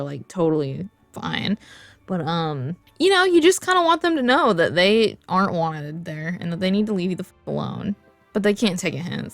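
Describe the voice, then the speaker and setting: A woman's voice: fairly low pitch, a bit bright, dry recording. A woman talking to camera in a casual comedic rant, rambling off on tangents and swearing freely. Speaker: comedic vlogger.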